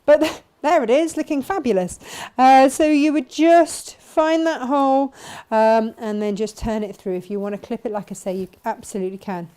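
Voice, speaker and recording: A woman's voice: a little high, normal speed, warm tone. A woman chatting casually as she demonstrates sewing and answers viewers' questions. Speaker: sewing teacher and shop host.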